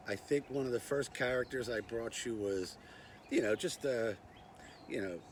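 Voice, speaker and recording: A man's voice: medium pitch, slight background noise. An older man hosting a casual knife and gear review vlog, chatty and self-deprecating with lots of "uh" and "anyway.". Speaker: knife review channel host.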